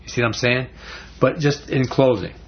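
A man's voice: mid-range voice, moderate pace. A man teaching a Bible study in a conversational, folksy way, often restarting words. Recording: dull lo-fi recording.

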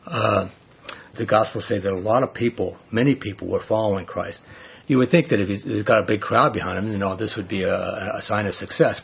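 Male preacher, sermon, earnest storytelling, very husky, lo-fi sound. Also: lowish voice. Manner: earnest, storytelling with many restarts.

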